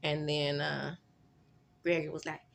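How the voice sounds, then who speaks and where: A woman with a somewhat low voice talks through a reality TV recap in a loose, chatty way, full of animated asides. A faint background noise sits under her voice. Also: unhurried, creaky. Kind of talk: casual show recap.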